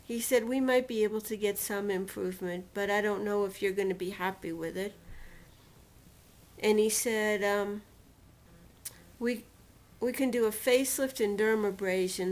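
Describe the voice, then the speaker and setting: A woman recounting a painful personal experience in a storytelling manner, slowly and deliberately, acting out what was said to her. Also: medium pitch, steady tone. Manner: emotional retelling, quotes others and herself dramatically. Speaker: personal testimonial speaker.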